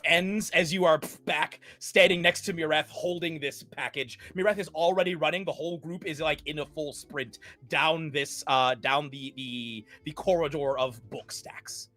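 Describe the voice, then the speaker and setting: A man narrating a tabletop game as game master, in a casual, animated way. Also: a little high, normal speed, hardly any pauses.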